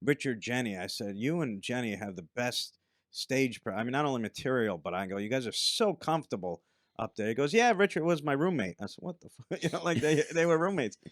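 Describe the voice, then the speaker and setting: A man with an everyday mid-range voice tells stories from his years in stand-up, relaxed and quick to laugh. He slips into quoted voices now and then. The mic is close and dry, with no room sound. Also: mid-range voice, dry recording. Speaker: comedian guest. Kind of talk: casual storytelling chat.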